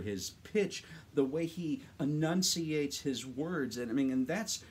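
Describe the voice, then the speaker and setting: A voice actor in casual, chatty tutorial talk, rambling with many fillers, recorded into a condenser mic in a small home studio. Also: male voice, medium pitch, a little mellow, breathy edge.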